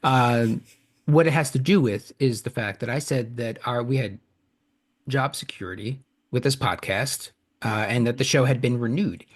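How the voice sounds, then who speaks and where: A man with an average-pitched voice hosts a casual podcast. He chuckles often and pokes fun at himself. He stumbles and restarts as he reads a listener's email aloud. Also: moderate pace. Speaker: podcast host.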